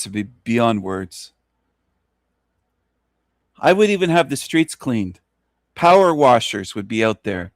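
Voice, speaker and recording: A man hosting a solo radio monologue, ranting emphatically and repetitively with mocking chuckles and sudden jumps in pitch. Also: no echo, clean studio sound. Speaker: radio show host.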